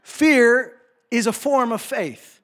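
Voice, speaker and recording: A man from North America preaching a sermon, with impassioned swings from hushed asides to shouted commands and low mocking voices for quoted complaints. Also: animated, slow. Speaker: pastor.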